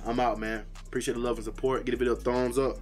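A man hosting a reaction video, talking casually and profanely, swinging between loud high outbursts and low muttering. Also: little pitch movement, fast, over loud music.

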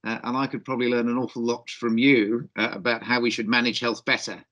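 A man's voice: medium pitch, level tone, fast talker, a bit bright. A middle-aged man with a faint Australian twang, giving a cheeky, jokey conference keynote as a doctor over a video call. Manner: cheeky, jokey, self-deprecating.

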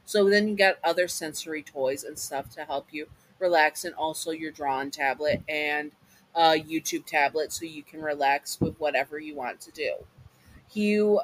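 A man reading a fan fiction comfort story aloud in a casual way, halting often to restart and apologize. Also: a little high, fairly bright tone, rough recording.

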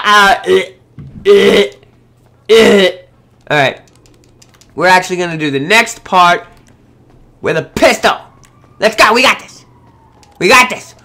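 A young man giving loud, excitable gameplay commentary, often yelling and cursing at what happens on screen. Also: high-pitched. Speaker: gaming video host.

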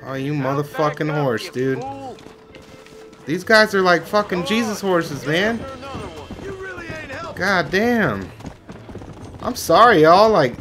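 A man's voice: a little high, lively intonation, slow, pauses often, music in the background. A man doing gameplay commentary, swearing and exclaiming at the game out of frustration. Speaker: gamer.

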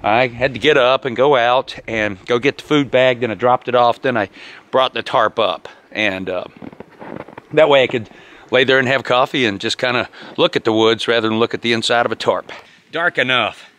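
A man's voice: medium pitch, normal speed, a bit bright, slight background noise. A man chatting cheerfully to the camera while camping in snowy woods. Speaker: outdoor vlogger. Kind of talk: casual narration to camera. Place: snowy woods campsite outdoors.

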